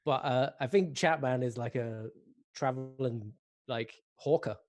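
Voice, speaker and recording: A man's voice: medium pitch, measured pace. A man from Middlesbrough who grew up in Texas, with a mixed Teesside and Texan accent, chatting on a comedy video call in a laid-back, self-mocking way. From England, Middlesbrough, then Texas. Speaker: guest comedian.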